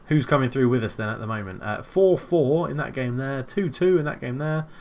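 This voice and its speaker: A man giving casual, excitable play-by-play commentary while playing a football management game, thinking aloud between plays. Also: mid-range voice, a little fast. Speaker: video game player.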